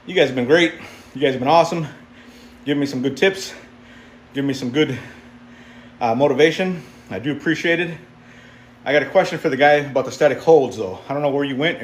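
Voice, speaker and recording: A man's voice: fairly high pitch, echoey room. A man in his fifties casually chatting with viewers while lifting weights in a home gym, upbeat and talkative. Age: 50s. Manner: chatty, upbeat, talks to viewers between sets. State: out of breath after sets. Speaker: fitness streamer. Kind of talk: casual live-stream chat while lifting.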